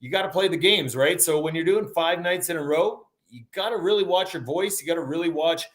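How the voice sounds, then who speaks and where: A man's voice: a little high, fairly quick, a bit bright. A man from Western Canada, a singer guest, telling stories in easygoing, laid-back chat. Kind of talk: casual interview chat.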